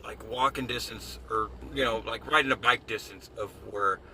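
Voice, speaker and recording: A man's voice: lowish voice, normal speed, pushed and bright, a little hiss or hum, poor audio. A young man streaming live from a phone while driving, chatting casually in a rambling, profane way that often trails off mid-sentence. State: out of breath.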